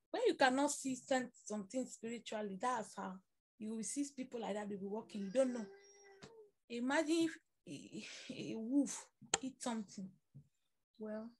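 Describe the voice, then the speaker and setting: A woman preacher, telling an animated story in a sermon and laughing through her words. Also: fairly high pitch, breathy edge.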